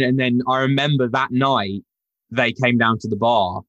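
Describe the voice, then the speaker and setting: A man with a fairly low voice tells road stories in a casual interview. He swears freely and acts out what others said. The sound is dry and close. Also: fairly quick, dry recording. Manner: animated storyteller, swears freely, acts out quotes. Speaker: touring rock drummer, guest.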